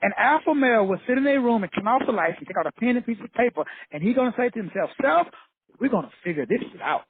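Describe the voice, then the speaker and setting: The motivational teacher races through his fiery, blunt, preachy lecture in a very high voice with a breathy edge, repeating points with profanity. The sound is tinny, phone-like and dry, without echo.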